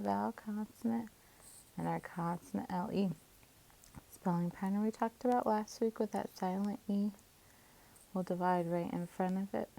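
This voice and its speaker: A woman teacher calmly walking through syllable division, sounding out each part of a word. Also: mid-range voice, creaky, low-quality recording. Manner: calm, methodical, sounds out syllables. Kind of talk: phonics lesson, syllable division.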